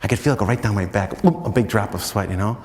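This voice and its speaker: An American man, a priest, telling stories in a chatty, self-mocking retreat talk full of "you know"s, and often breaking into animated high swoops. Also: fast, big-room sound. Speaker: priest giving a spiritual talk.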